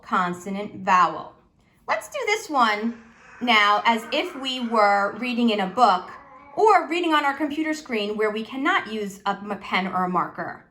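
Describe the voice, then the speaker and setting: A woman teacher giving a slow, patient phonics lesson to children, asking them questions as she goes. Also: a little high, pushed and bright.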